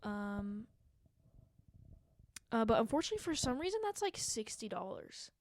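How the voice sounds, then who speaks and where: A young woman hosts a solo podcast, chatting casually into a handheld mic and rambling with lots of filler words and self-mocking asides. Her voice is a little high, swings widely in pitch, and moves at normal speed.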